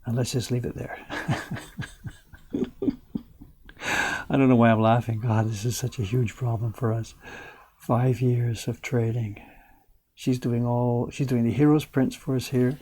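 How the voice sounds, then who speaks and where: An older man chatting casually as he works at woodblock carving in his print workshop, thinking aloud and sometimes dropping his voice low. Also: level tone, moderate pace, mellow, husky. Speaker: printmaker streaming live. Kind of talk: casual chat while working.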